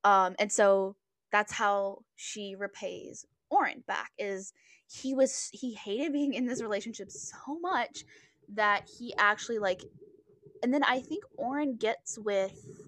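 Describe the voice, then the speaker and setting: A woman's voice: medium pitch, takes it slowly, fairly bright tone, dry recording, studio quality. A woman co-hosting a podcast, casually retelling things in a rambling way with lots of fillers and restarts. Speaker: podcast co-host. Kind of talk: casual book chat.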